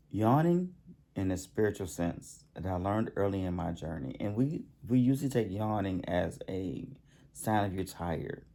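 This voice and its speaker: A man giving a spiritual healing talk to the camera, halting and repeating himself, often pausing to excuse himself and yawn. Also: low voice, creaky, warm tone. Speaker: self-help channel host.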